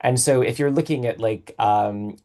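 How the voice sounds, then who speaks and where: A man's voice: medium pitch, moderate pace, warm tone. A rambling, explaining man. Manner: lecturing, many fillers. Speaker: podcast co-host. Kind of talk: casual explanatory chat.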